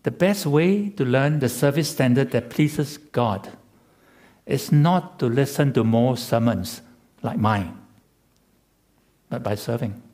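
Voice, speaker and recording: A man preaching a sermon as pastor, measured and emphatic with rhetorical repetition. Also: medium pitch, a little mellow.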